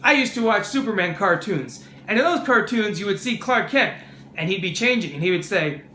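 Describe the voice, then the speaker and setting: A man's voice: high-pitched, animated, fairly quick, bright, forceful tone, reverberant, a little hiss or hum. A man hosting a casual movie review vlog, sarcastic and mocking.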